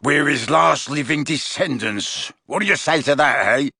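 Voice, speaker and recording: A man voicing a bitter, boastful old pureblood wizard patriarch in a book reading, yelling and scornful. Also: on the high side, creaky, slightly rough, no echo, clean studio sound, full character voice. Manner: yelling, scornful, slow and drawn out. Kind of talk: audiobook-style reading of a novel.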